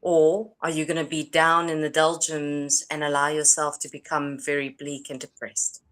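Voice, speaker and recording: Low-voiced calm woman co-hosting. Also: moderate pace. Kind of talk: casual livestream chat.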